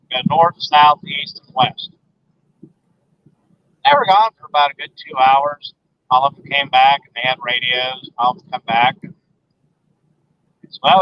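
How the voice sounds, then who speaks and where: A man, a guest on a phone interview, recounting an encounter in a halting, emphatic way with repeated words. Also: medium pitch. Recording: dull lo-fi phone line.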